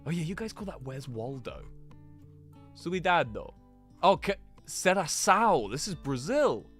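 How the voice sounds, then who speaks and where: A man's voice: a little high, very animated, unhurried, fairly bright tone, husky, faint music behind. A man giving rambling, chatty commentary to his viewers while he plays a geography game, laughing often. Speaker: streamer.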